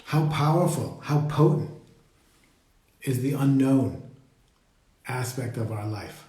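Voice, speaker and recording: A man leading a live meditation talk, speaking slowly and reflectively and greeting viewers as they join. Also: medium pitch, dark tone. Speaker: meditation teacher. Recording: roomy echo.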